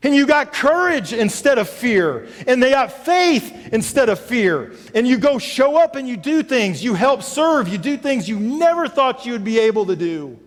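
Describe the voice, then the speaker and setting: A man preaching a sermon to his congregation. He moves between loud, emphatic calls and low, quiet scripture reading, and he speaks to members by name. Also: big pitch swings, normal speed, few pauses, in a large hall. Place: church sanctuary.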